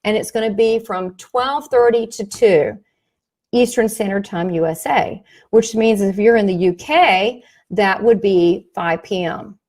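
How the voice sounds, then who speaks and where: A little slow and at medium pitch, the Southern-accented woman delivers a motivational promo for her class. She's a psychic medium and workshop host whose storytelling is animated, emphatic, and folksy.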